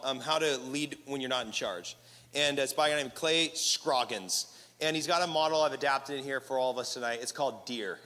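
Man, pastor, sermon, call-and-response, bright forceful voice, long hall reverb. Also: on the high side. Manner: energetic, leads the crowd in call-and-response. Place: large hall with live audience.

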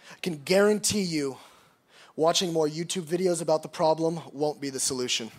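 A high-pitched male pastor delivering a sermon. He reads scripture passages aloud and then preaches on them, building to emphatic, rising stretches. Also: fairly quick, darkish tone.

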